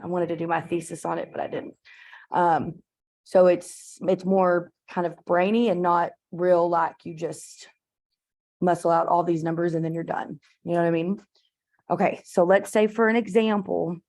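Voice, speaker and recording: A woman's voice: on the low side, darkish tone. Chatty woman teaching math. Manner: chatty, informal, many fillers and asides. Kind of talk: classroom lecture. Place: classroom.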